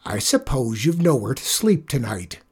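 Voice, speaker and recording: A storyteller voicing Griselda, a sharp-tongued, grouchy old village woman who scoffs and snaps. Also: mid-range voice, sing-song, moderate pace, breathy edge, exaggerated voice. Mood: scornful. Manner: snappish, scornful scoffing.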